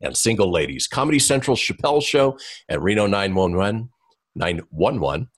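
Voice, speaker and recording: A man's voice: fairly low pitch, expressive, normal speed, breathy edge. A man co-hosting a podcast, reading entertainment news and chatting casually, laughing often and tripping over names. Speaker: podcast co-host.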